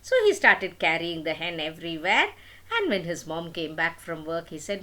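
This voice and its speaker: An older woman telling a story to children, with a fairly low voice. Her pitch is very lively, rising and falling as she plays up the drama. She sounds like a grandmother reading aloud. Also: normal speed. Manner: animated, dramatic.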